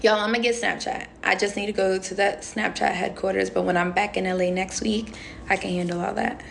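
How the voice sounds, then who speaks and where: A young woman talks casually on a phone livestream, answering viewer comments as they come. She is playful and rambling, leaning on "um" and "like," in a mid-range voice with a gravelly edge. A faint noise sits under the recording. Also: medium pitch, steady tone, brisk. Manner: chatty and playful, heavy on fillers like "um" and "like". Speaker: reality show contestant on a livestream.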